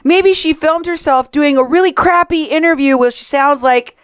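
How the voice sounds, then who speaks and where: A Mexican American woman hosts a podcast, reacting to recorded clips with indignant sarcasm. Her voice is high and her speed normal, captured in a dry recording.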